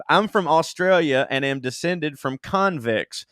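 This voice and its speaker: A man's voice: fairly high pitch, lively intonation, slow pace, fairly bright tone, no room sound, studio quality. A self-deprecating man co-hosting a comedy podcast, reading listener emails aloud with laughs and comic asides. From Southern United States. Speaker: podcast co-host.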